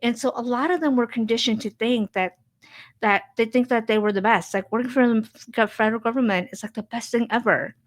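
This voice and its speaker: A woman's voice: fairly high pitch, a little fast. A woman in her thirties, a social worker and host, telling a personal story in a candid, emphatic way, repeating her points bluntly.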